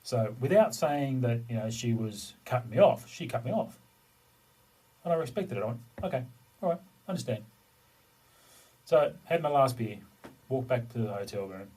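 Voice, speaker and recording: A middle-aged man rambles through a story in loose, easy podcast chat, swearing here and there. His voice is slightly husky and sits a little back from the microphone. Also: mid-range voice, expressive, moderate pace, pauses often, darkish tone, far from the mic, poor audio. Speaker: podcast co-host. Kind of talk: casual chat.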